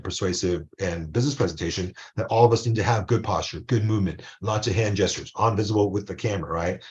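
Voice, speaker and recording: A male professor gives a recorded video lecture in a very low voice. He talks loosely and conversationally and keeps tossing in quick tag questions. The recording is dull and lo-fi. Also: darkish tone. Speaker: college professor.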